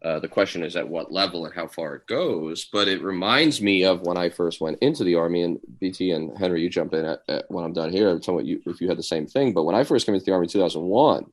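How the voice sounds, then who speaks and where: A man's voice: sits low, quick pace, hardly any pauses. A man in his forties, a podcast co-host and Army veteran, talking things through in a casual discussion, with lots of "like" and "um". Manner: thoughtful, many fillers like "like" and "um".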